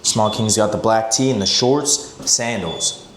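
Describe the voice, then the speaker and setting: A man's voice: lowish voice, unhurried, a little hiss or hum. A young man vlogging in casual, rambling talk, joking around and swearing a lot as he drives and shops. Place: in a car, then in a shop and at home.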